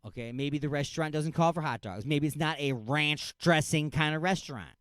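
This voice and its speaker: A male radio host with a voice pitched a touch high for a man, ranting sarcastically in a comedic talk-radio style. His delivery is dry and close to the mic, and he keeps circling back to his own catchphrases. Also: brisk, fairly bright tone, clear, resonant tone, no room sound. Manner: sarcastic, ranting, repeats "I'm just saying".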